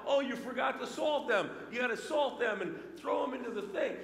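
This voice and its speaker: A male pastor with a notably high voice delivers a storytelling sermon. His voice swings between loud bursts and hushed passages. The sound is roomy, with a long reverb tail from the church hall. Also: brisk, gravelly, hardly any pauses. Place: church sanctuary.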